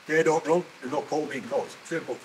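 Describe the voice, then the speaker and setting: An older man, a former miner guiding visitors through a museum, telling stories with lively energy and laughing at himself. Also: on the high side, a little fast, slight background noise, low-quality recording. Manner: animated storyteller, laughs at himself. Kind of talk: guided tour talk. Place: indoor mining museum.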